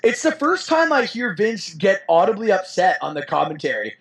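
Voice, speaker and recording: A man co-hosting a podcast in casual, animated chat, often agreeing. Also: sits high. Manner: animated, agreeable, quick "yep"s. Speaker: podcast co-host.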